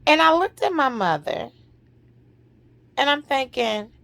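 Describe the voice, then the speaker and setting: A middle-aged woman telling an emotional personal story in a slow, dramatic way, sometimes dropping to a hush. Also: high-pitched, sing-song, creaky, no echo. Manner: slow, dramatic, drops to a hushed near-whisper at emotional points.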